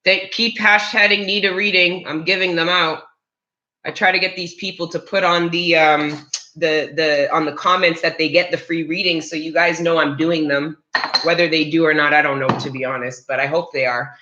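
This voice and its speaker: A woman's voice: low-pitched, steady tone, normal speed, pushed and bright, lo-fi sound. A woman giving a live-streamed tarot reading, rambling and chatty with many restarts, and talking straight to her viewers. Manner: talks to live chat viewers. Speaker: tarot reader. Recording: roomy echo.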